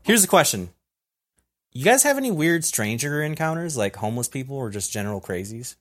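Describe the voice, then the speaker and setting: A man's voice: medium pitch, very animated, fairly quick, fairly bright tone. A man hosting a casual podcast with friends, rambling and swearing easily, laughing often. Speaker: podcast host.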